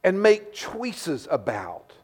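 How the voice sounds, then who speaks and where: A man's voice: a little high, takes it slowly. Middle-aged man preaching with many restarts. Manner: repeats words often, lively storytelling. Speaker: pastor. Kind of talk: sermon.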